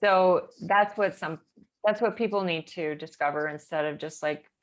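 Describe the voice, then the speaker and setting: A woman's voice: lowish voice, normal speed. A woman chatting casually in a rambling way, with many fillers and nervous laughter. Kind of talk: casual chat.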